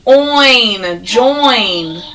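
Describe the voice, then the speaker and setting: A woman teaching a first grade class, sounding out words slowly and praising the children. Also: on the high side, animated, a bit bright, recorded from a distance, a little hiss or hum, poor audio. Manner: slow, exaggerated sounding out of words, encouraging. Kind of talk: classroom phonics and reading lesson.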